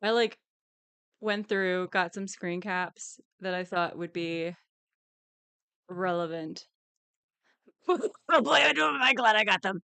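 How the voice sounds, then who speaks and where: A woman's voice: mid-range voice, slow, creaky, long pauses, sharp tone, smooth, no room sound. Angry ranting woman streamer, dry sound. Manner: angry, ranting, swearing, with bursts of laughter. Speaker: live reaction streamer. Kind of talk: live reaction commentary.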